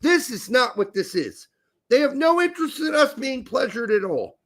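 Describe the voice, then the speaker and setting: High-voiced ranting man. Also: sing-song, moderate pace, fairly bright tone. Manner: crude, sarcastic, ranting, mock-emotional asides. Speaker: podcast co-host. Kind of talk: heated casual soccer rant.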